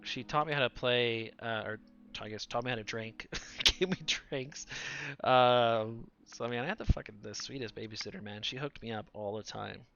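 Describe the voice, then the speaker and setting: A man in his forties chats casually on a live stream in a mid-range, creaky, slightly bright voice at normal speed, with the highs cut off. He talks nonstop and laughs a lot, and his voice sounds younger than his age and sometimes cracks.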